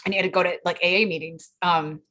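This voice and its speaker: A woman in her thirties sharing her recovery story in a chatty, animated way, full of fillers and acted-out quotes. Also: lowish voice, fast talker. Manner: chatty and animated, quotes others in raised voices, frequent fillers. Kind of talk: casual personal storytelling.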